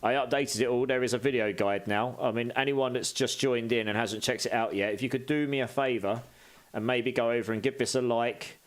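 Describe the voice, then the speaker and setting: A man's voice: medium pitch, fairly even intonation, fairly quick. A British man streaming a game live, chatting casually as he reads out and answers viewer messages.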